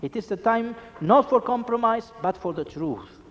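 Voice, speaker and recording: High-voiced preacher with lively swings. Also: male voice, normal speed, in a large hall. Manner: emphatic, with rhetorical questions. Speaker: Catholic preacher. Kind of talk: sermon.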